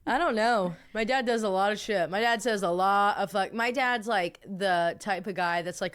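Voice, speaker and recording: A woman's voice: lowish voice, clear, resonant tone. Laughing, blunt young woman podcaster. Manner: laughs often, blunt and profane. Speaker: podcast co-host. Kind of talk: casual chat, reading listener submissions.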